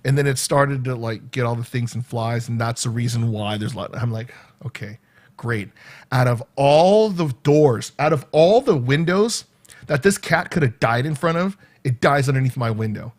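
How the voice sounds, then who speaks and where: A man's voice: mid-range voice, normal speed. A man vlogging from his home, telling a rambling story to the camera and often breaking off with "right?". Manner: animated, rambling, peppered with "right?" and laughs.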